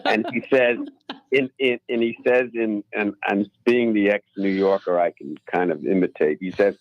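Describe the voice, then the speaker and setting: A man guest on a radio talk show, telling his flying stories in an unhurried, halting way. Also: mid-range voice, no echo, poor audio. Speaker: pilot guest. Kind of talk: casual radio interview storytelling. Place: radio studio.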